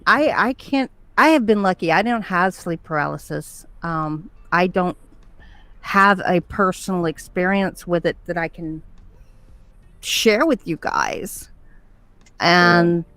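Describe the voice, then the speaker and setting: A woman's voice: lowish voice, takes it slowly, fairly bright tone. Chatty woman host. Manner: casual, chatty. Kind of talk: casual live-stream chat.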